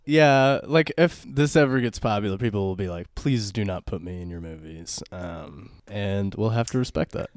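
A man's voice: on the low side, moderate pace, hardly any pauses. A man co-hosting a comedy podcast, dropping wry sarcastic asides. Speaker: podcast co-host. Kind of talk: casual comedy podcast banter.

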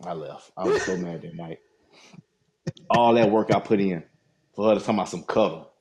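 Male host, slightly low voice, exaggerated laughing storyteller. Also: normal speed, a little mellow. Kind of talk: raunchy casual chat.

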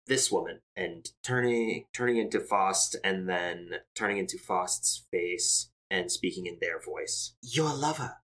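A man's voice: deep voice, fairly even intonation, measured pace, hardly any pauses, sharp tone. A man playing in a tabletop game, joking and playful. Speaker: player. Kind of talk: tabletop role-play.

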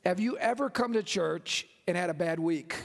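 Brief: high-pitched male pastor, animated sermon, long church reverb. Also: moderate pace, gravelly. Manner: animated, joking, calls out to congregation.

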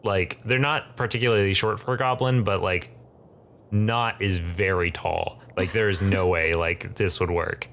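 Man, game master, low voice, halting narration, tabletop game. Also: steady tone, creaky, a bit bright, slight background noise. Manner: halting, full of fillers and restarts.

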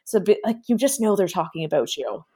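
A woman's voice: lowish voice, sing-song, fairly quick, warm tone, husky. Female podcast co-host, casual, hesitant, words stumble and restart. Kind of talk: casual chat.

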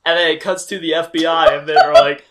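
A man co-hosting a podcast, joking and acting out scenes with loud, swearing energy. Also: fairly high pitch, fairly quick. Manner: animated, swears freely, acts out scenes. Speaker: podcast co-host. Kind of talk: casual chat.

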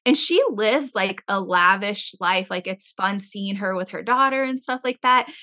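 Animated young woman telling stories. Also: mid-range voice, measured pace. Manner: storytelling, voice swings up and down when excited. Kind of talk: casual chat.

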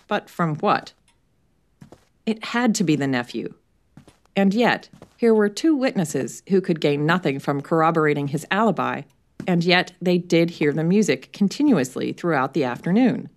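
A woman narrating a story aloud in a measured reading voice. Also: low voice, lively intonation.

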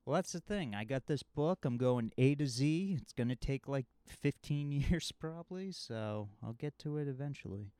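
A man's voice: medium pitch, animated, normal speed, hardly any pauses, dark tone, clear, resonant tone, no echo. A man recapping a movie in a casual, rambling, jokey way with lots of fillers. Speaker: movie reviewer.

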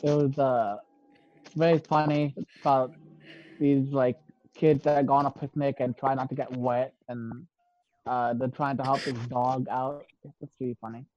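A man in a casual group chat, talking hesitantly with many pauses and fillers. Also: mid-range voice, level tone, darkish tone. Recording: dull lo-fi sound.

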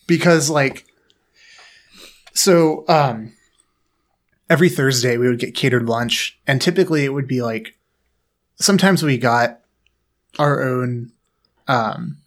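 A man's voice: medium pitch, slow pace, long pauses. Rambling casual podcast man. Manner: rambling, filler-heavy storytelling. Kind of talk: casual chat.

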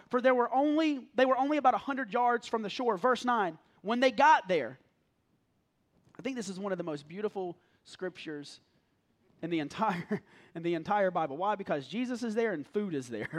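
Man, thirties, pastor; very high, animated, chatty sermon delivery. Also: moderate pace. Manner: animated, conversational, jokes with congregation. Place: church sanctuary.

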